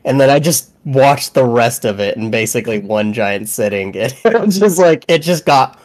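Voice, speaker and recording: A man's voice: mid-range voice, moderate pace. Profane, laughing man in casual chat. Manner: profane, laughing, animated storyteller.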